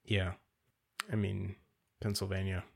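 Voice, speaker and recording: A man's voice: low voice, little pitch movement, unhurried, gravelly, darkish tone, husky. Laid-back man swearing casually. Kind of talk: casual political chat.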